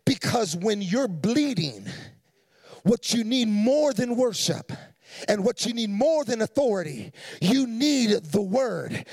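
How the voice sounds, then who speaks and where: A male pastor preaching a fervent sermon that rises to shouts, with drawn-out stresses, recorded in a church with long reverb. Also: high-pitched, gravelly, slightly rough.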